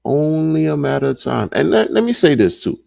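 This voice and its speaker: A man's voice: fairly high pitch, very animated, moderate pace, gravelly, darkish tone, no echo. A man hosting a casual livestream and reading the chat, talking in an emphatic, slangy way and repeating his points over and over. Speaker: crypto livestream host.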